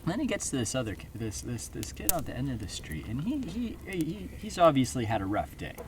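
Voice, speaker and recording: A man's voice: medium pitch, big pitch swings, a little fast, distant mic. A man telling an improvised story outdoors at a campfire, rambling with many fillers and restarts. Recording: outdoor campground noise.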